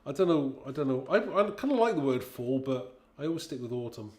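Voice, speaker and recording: A man's voice: mid-range voice, sing-song, a little fast, darkish tone, roomy sound. A man in his fifties from Britain, hosting a live craft stream in a casual, chatty way, reading viewers' comments aloud and laughing often. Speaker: craft livestream host.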